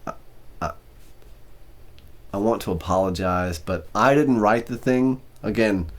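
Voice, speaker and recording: Tired male ASMR narrator with a slightly low voice; soft, apologetic, stumbling delivery. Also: a little slow. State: exhausted. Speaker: ASMR storyteller. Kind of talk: ASMR story reading.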